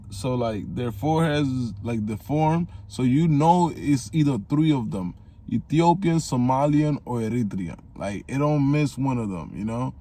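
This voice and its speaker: A man's voice: mid-range voice, moderate pace, dark tone, slight background noise. A man giving casual, rambling livestream commentary, swearing often and stacking fillers. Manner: rambling, profane, many fillers. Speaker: streamer and commentator.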